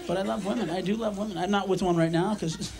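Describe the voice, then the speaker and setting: A man's voice: sits high, fairly even intonation, fast, creaky, poor audio. Screaming, ranting male stand-up comedian. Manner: sudden screaming tirades. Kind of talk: live stand-up routine. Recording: live club, loud crowd.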